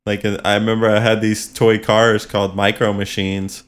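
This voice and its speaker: A man's voice: on the low side, level tone, moderate pace, smooth. A man co-hosting a podcast in loose, casual chat, laughing and swearing freely. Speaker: podcast co-host.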